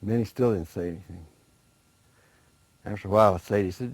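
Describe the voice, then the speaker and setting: Low-voiced man telling folktales. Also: a little fast, dry recording. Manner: relaxed, conversational, with small restarts. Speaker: storyteller guest. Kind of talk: oral folk storytelling.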